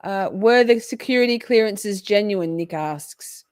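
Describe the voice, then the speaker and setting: A woman's voice: mid-range voice, unhurried, smooth, no room sound, studio quality. Chatty Australian woman reading comments. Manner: chatty, reads viewer comments aloud, laughs often. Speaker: livestream host. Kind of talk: casual livestream chat.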